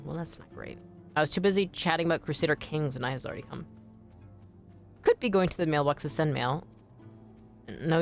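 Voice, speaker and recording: A woman streamer chatting casually while playing a game, rambling with many fillers, swearing freely and breaking into sudden excited outbursts. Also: sits low, vocal fry. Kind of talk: casual live gameplay chat.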